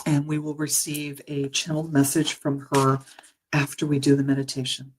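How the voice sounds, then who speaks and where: Woman, low voice, meditation guide, gentle and chatty, earnest, restarts and soft laughs. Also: level tone, normal speed, breathy edge. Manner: emotional, earnest. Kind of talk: casual spoken introduction to a guided meditation.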